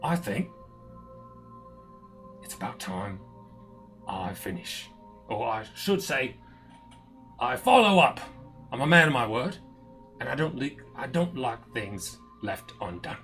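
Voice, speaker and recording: A man's voice: mid-range voice, sing-song, takes it slowly, pauses often, fairly bright tone, soft background music, exaggerated voice. A man voicing a cruel male pirate captain who sneers and taunts his captive. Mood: gloating. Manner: sneering, mocking threats.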